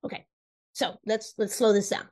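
A woman whose first language is Spanish, a relationship coach explaining ideas in an interview, lively and emphatic, repeating points and laughing often. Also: medium pitch, moderate pace. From Cuba. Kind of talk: animated explanatory interview talk.

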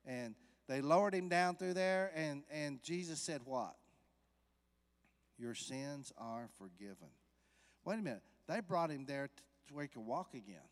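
A man preaching a sermon to a church congregation in a conversational way, putting questions to the listeners and rising to loud, emphatic peaks. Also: on the high side, animated, unhurried, in a large hall. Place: church sanctuary.

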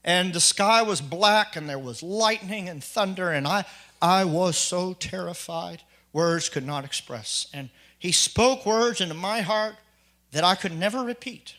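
A man with a bright, forward voice pitched a little above the usual for men tells his testimony. He speaks earnestly and haltingly, stumbling over repeated "and"s and restarting sentences as he goes. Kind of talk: spoken personal testimony.

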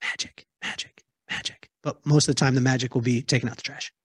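A man telling a lively story to an audience, acting out the voices of the people in it. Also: mid-range voice, very fast, slightly rough, dry recording, clean studio sound. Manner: lively, acts out quoted voices. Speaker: keynote speaker answering audience. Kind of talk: animated storytelling talk.

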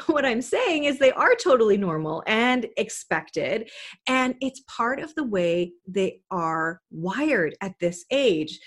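A woman's voice: a little high, a bit bright, slightly rough. A woman giving a parenting talk to camera, earnest and coaching, often asking the listener questions. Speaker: parenting educator.

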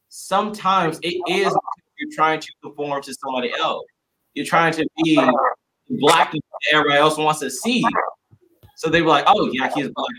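Passionate male discussion participant, fairly high-pitched, very animated delivery. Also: background noise. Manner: passionate, emphatic, rhetorical questions. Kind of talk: group discussion.

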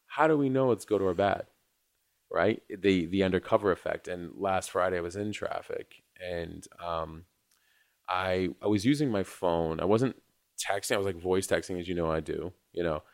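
A man's voice: low-pitched, moderate pace, no room sound, clean studio sound. A man from New York telling stories in a casual chat, rambling and acting out what people said. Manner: rambling storyteller, acts out quotes, laughs often.

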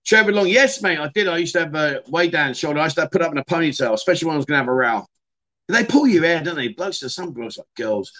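A man's voice: a little high, expressive, fast, fairly bright tone. A middle-aged man, hosting a casual livestream and chatting loosely with many fillers and restarts. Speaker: livestream host.

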